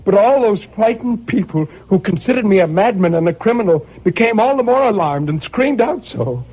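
A tormented murderer in a cell, tinny radio. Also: male voice, sits high, lively intonation, normal speed, breathy edge. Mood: brooding. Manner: intense, surging from brooding murmurs to anguished cries. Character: tormented male murderer pacing his prison cell. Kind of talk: dramatic radio monologue. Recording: tinny old radio broadcast.

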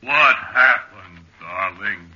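A man's voice: fairly low pitch, animated, extremely slow, sharp tone, full character voice. A man playing a blustering, grumbling man who has grown to giant size, in an old-time radio comedy. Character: gruff bossy man, suddenly giant. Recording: dull roomy old radio recording.

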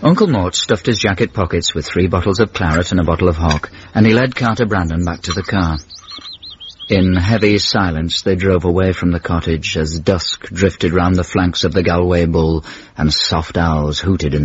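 Deep voiced guy narrating a radio story, measured and wry, dull old broadcast with a bit of hiss. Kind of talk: scripted narration.

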